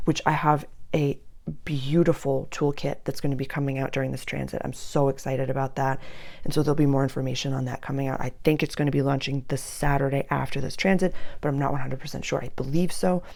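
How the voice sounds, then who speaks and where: A woman's voice: a bass voice, creaky, darkish tone. A woman giving an earnest spiritual astrology talk to her listeners. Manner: earnest, drops to a whisper for emphasis.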